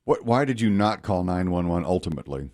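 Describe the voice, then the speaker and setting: A man's voice: sits low, animated, fairly quick, darkish tone, no echo. A man co-hosting a morning radio show, dropping dry wisecracks into the studio banter. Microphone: studio microphone.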